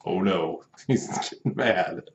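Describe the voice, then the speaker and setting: A man's voice: low-pitched, takes it slowly, vocal fry, slight background noise. A man hosting a casual vlog, telling a story with amusement and reading messages aloud. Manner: amused, breaks into laughter often. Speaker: channel host. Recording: roomy, dull lo-fi sound.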